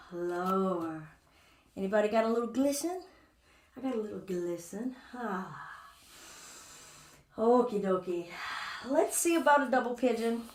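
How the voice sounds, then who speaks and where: A woman teaching a live yoga class, chatty and playful as she talks through her own movements. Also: mid-range voice. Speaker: yoga instructor. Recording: echoey room, distant mic.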